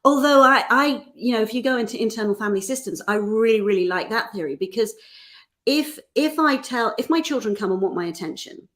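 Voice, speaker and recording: A middle-aged woman, chatting on a podcast with a slightly high voice. She talks in an animated way, slipping into little voices for the people she quotes. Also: fairly quick. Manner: animated, acts out voices in quotes, laughs often. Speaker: host and life coach. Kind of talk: casual podcast conversation.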